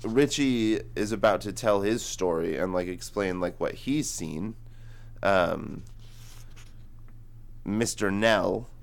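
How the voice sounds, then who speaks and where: Young man, low voice, gravelly fry, rambling casual book chat. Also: takes it slowly, pauses often. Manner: rambling, heavy use of "like". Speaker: book podcast co-host.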